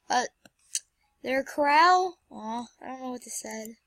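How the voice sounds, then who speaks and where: High bright excitable young gamer girl. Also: a little slow, no room sound. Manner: excitable, flustered, exclaiming. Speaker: gameplay channel host. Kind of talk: casual let's play commentary.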